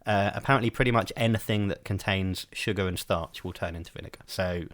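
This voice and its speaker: A man's voice: low-pitched, fairly quick, a bit bright, no echo, clean studio sound. A man co-hosting a podcast, chatting casually and hesitantly with many ums. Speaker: podcast co-host. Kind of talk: casual chat.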